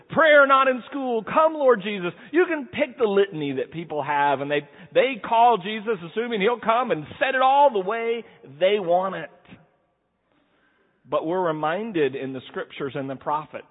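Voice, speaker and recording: A man's voice: sits high, breathy edge, long reverb tail, phone-quality sound. A middle-aged man, a pastor, reading scripture and preaching a sermon, telling stories and acting out voices. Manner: animated storytelling, acts out voices. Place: church sanctuary.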